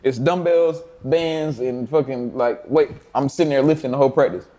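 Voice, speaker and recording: A man's voice: mid-range voice, normal speed, dark tone, a little hiss or hum. A young man telling laid-back, profane stories as an interview guest, often laughing and acting out his coaches' voices. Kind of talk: casual storytelling.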